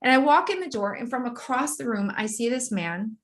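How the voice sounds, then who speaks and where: A woman guest in an interview, telling a personal story in a vivid, animated way and often laughing. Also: fairly high pitch, brisk.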